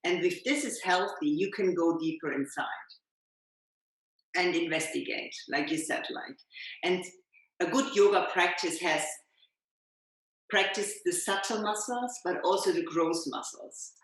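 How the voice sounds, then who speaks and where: Brief: woman yoga teacher guest, lowish voice, gentle reflective talk, very echoey room. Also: measured pace. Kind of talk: reflective conversational chat.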